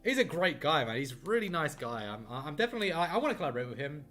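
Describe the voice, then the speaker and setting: An artist live-streams a drawing from his home art studio, chatting in a fairly high, slightly bright voice that races along with lots of animation, faint music behind him. He rambles cheerfully, often puts himself down, and fills his speech with fillers.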